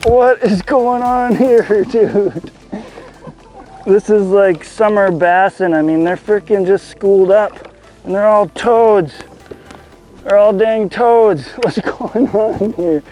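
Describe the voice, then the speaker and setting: Out on a lake in his kayak, an angler films a fishing video, laughing and exclaiming giddily each time he lands a fish. His voice is high and dark in tone, delivered slowly and steadily.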